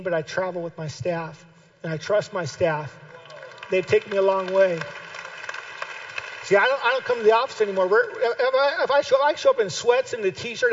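A man with a notably high voice preaches a sermon. He drives home his points by repeating phrases and swells into shouted calls to his listeners. The recording sounds dull and lo-fi. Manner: impassioned, builds to shouted exhortation; repeats key phrases for emphasis. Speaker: pastor.

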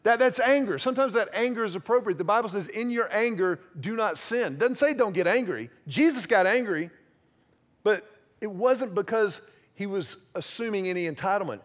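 A man's voice: sits high, animated, moderate pace. A man preaching a sermon in a conversational, self-deprecating way, acting out little quoted exchanges. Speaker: pastor.

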